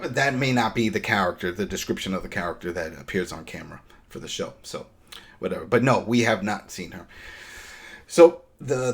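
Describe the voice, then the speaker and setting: A man co-hosting a podcast, casually recapping a TV episode and animatedly acting out the characters' exchanges. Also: fairly low pitch. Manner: animated, acts out characters' exchanges in quoted voices.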